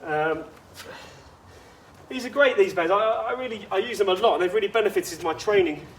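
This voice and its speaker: A man's voice: high voice, moderate pace, a bit bright, a little hiss or hum. A man coaching a workout outdoors, chatty and instructive with personal asides. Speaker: fitness coach.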